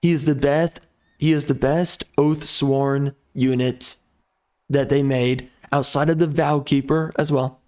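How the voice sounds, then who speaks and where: A man's voice: medium pitch, fairly even intonation, unhurried, a little mellow. A man giving casual gameplay commentary, ranting in a mock-outraged, sarcastic way. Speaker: strategy game YouTuber.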